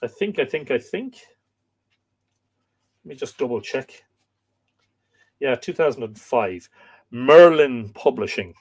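A man's voice: medium pitch, animated, slow, pauses often, slightly rough. A man hosting a live stream, chatting casually, rambling with many fillers and restarts as he reads viewer comments. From Ireland. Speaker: host of a live stream on Irish mythology.

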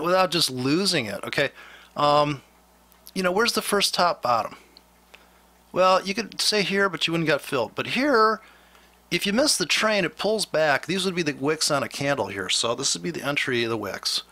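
Blunt, ranting man with a bright voice. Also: on the high side. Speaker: trading instructor. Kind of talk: rambling screen-share trading lesson.

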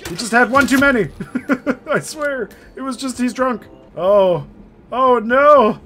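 A man giving casual let's-play commentary, excitable and jokey, swearing and laughing often. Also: very high-pitched, slow pace. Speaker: gameplay streamer. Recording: faint game music behind.

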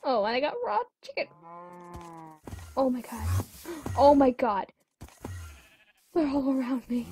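A woman's voice: sits high, lively intonation, unhurried, long pauses, darkish tone, slight background noise. A woman giving let's play commentary, jumpy and gasping, chattering to the creatures in her game. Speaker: gamer.

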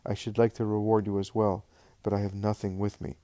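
Man reading Jesus, gentle sorrowful teacher, soft tender delivery, low dark voice, dry close sound. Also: little pitch movement, brisk, no room sound, natural voice.

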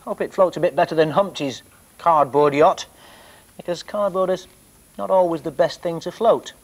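A man presenting a children's television programme, talking gently and playfully to young viewers as he floats toy boats. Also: fairly high pitch, normal speed, low-quality recording.

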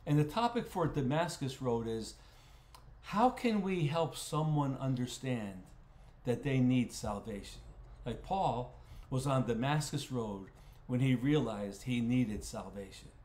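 A man's voice: medium pitch, expressive, unhurried, darkish tone. Folksy man teaching Bible study in a roomy space. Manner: folksy, repeats words while thinking aloud. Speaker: pastor leading a Bible study. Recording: roomy echo.

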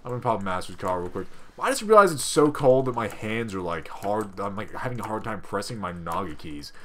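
Young Australian man, gameplay commentator, profane and excitable, bright forward tone, desk mic. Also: lowish voice, fairly quick, a little hiss or hum. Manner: excitable, swears constantly, yells at game characters. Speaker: gaming video host.

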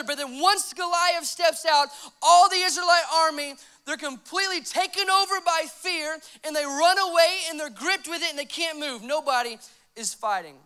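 A young man preaching a sermon, mixing scripture reading with an animated, laughing personal story. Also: very high voice. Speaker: pastor.

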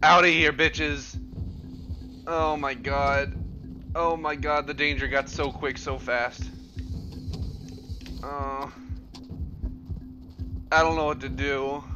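A young man giving casual, excitable gameplay commentary, swearing and yelping in panic as he plays. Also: mid-range voice, slow pace, pauses often. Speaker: gameplay streamer. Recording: dull lo-fi audio with game music. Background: game music.

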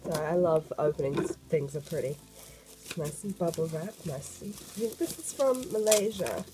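A woman, croaky from a cold, chatting excitedly as she unboxes a sketchbook for an art vlog. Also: sits low, normal speed, over music, rough recording. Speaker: art vlogger.

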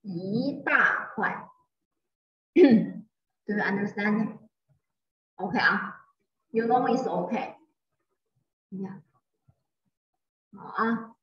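A woman teacher with a Chinese accent, explaining a lesson slowly and repetitively in a classroom, recorded from a distance. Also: medium pitch. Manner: slow, repetitive, patient explaining. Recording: roomy, muffled, from far off.

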